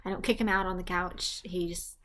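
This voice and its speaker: A young woman casually chatting in a vlog, rambling on tangents and often speaking quietly and hushed while her partner sleeps nearby. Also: on the low side, steady tone, brisk, a little hiss or hum. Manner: rambling, chatty, self-deprecating. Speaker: vlogger. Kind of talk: casual pregnancy update vlog.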